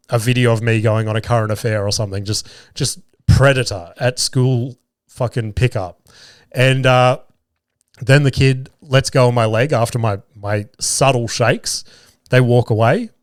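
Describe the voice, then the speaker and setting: Brief: man, mid-pitched, solo podcast host, loose and sweary, dry close sound. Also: dry recording. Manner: casual, sweary, self-deprecating, laughs at himself. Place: at home.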